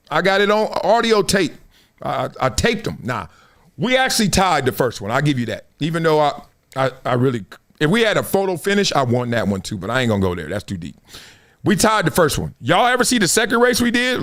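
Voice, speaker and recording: Animated slangy man, lively pitch. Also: fairly quick. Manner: animated, slangy, swings between loud bursts and low mutters. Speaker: sports show host. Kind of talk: casual storytelling monologue.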